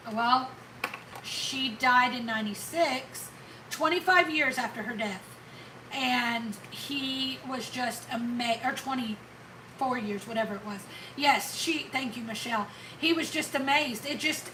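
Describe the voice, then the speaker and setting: A middle-aged woman with a light Southern Kentucky accent and a high, bright voice chats easily with her viewers, reading their names aloud and answering each one. Her voice sounds roomy and a little distant from the microphone. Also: a little slow, a little hiss or hum. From Indiana. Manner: chatty, reads out viewer names and answers them. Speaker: YouTube channel host. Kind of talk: casual live chat with viewers.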